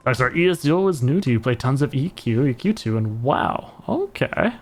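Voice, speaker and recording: A young man streaming a game live, chatting casually with viewers and teammates, laughing often. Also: mid-range voice. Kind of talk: casual live-stream chat while gaming.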